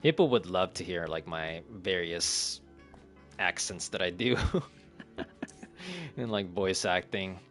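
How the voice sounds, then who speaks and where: Laid-back deep-voiced male game streamer. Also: lively intonation, slow pace, long pauses, a bit bright. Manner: laid-back, chuckles often, talks to chat. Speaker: gaming streamer. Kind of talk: relaxed gameplay commentary, reading chat. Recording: faint game music behind.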